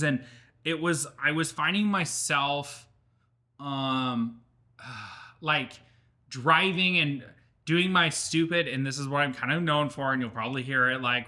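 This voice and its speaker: A man's voice: fairly high pitch, normal speed, pushed and bright. A man hosting a podcast, chatting casually in a rambling way, swearing and laughing often. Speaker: podcast host. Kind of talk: casual interview chat.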